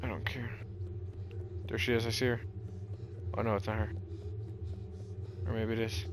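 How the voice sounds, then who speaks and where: A man's voice: fairly low pitch, flat delivery, moderate pace, background noise. A young man giving let's-play commentary on a horror game, nervously muttering to himself as he plays. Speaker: gaming channel host. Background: game music.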